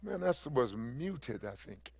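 A man's voice: mid-range voice, sing-song, takes it slowly, a little mellow, breathy edge. A man preaching a sermon as pastor, emphatic and repeating phrases for effect.

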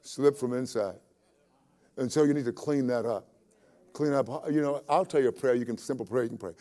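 A man's voice: mid-range voice, a little fast, mellow. Folksy preacher man. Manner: folksy, repeats phrases for emphasis. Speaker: pastor. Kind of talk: sermon.

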